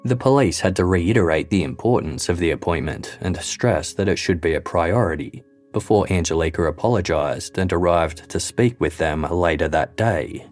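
Deep-voiced male true-crime narrator. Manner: measured, even, documentary delivery. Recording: faint music bed underneath.

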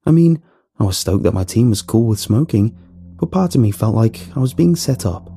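A man's voice: medium pitch, expressive, moderate pace, mellow, a little hiss or hum. A man narrating a first-person horror story in a wry, nervous storytelling manner.

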